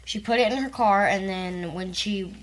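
A woman's voice: medium pitch, normal speed, a little hiss or hum. A young woman from Texas, co-hosting a podcast and retelling a story in casual chat, with lots of fillers. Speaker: podcast co-host, host's daughter.

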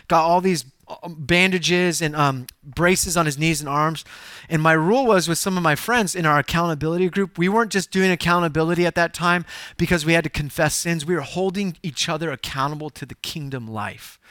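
A male pastor preaching through personal stories, his voice bright and forceful, pitched a little above most men. He is animated and pokes fun at himself, now and then breaking into loud exclamations, heard dry and close with little room sound. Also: clean tone, no room sound. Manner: animated, self-deprecating humor, bursts of loud exclamation. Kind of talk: sermon storytelling.

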